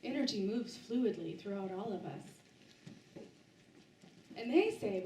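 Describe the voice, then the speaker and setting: Woman, author talk, halting personal story, echoey room, distant mic, faint background ambience. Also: medium pitch, expressive, darkish tone, a little hiss or hum. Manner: halting, with frequent restarts and fillers. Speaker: author giving a book talk. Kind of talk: personal story told to a live audience. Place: bookstore event space, indoors.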